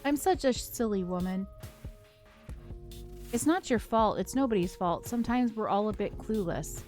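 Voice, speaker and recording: A woman reading as a wistful gentle woman. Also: mid-range voice, expressive, moderate pace, soft background music, lightly acted.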